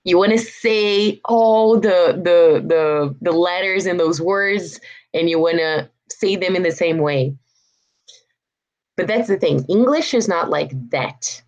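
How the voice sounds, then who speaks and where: Slow, low-voiced Brazilian woman teaching English. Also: darkish tone, dull audio. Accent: Brazilian Portuguese. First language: Portuguese. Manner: patient, repeats words slowly for practice. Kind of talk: online pronunciation lesson.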